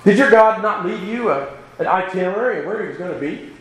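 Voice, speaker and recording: A preacher doing the prophet Elijah, taunting and high. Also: male voice, lively intonation, quick pace, roomy sound, rough recording. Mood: mocking. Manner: sarcastic, taunting. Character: old male prophet, bold and mocking.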